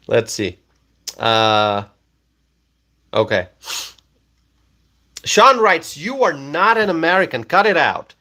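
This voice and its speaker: Taking it slowly with long pauses, a Bangladesh-born man reads chat on his live stream in a slightly high, sharp, very animated voice. He answers viewers with repeated questions and laughter.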